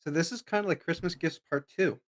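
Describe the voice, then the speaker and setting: A man joining a casual podcast chat, teasing and quick with jokes. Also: a little high. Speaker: podcast co-host.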